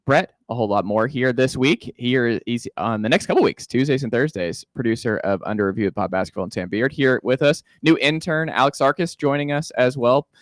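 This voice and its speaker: A man's voice: mid-range voice, no echo. Upbeat man, sports radio host, dry studio sound. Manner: upbeat, quick, with fillers. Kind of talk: casual sports radio talk. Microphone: studio microphone.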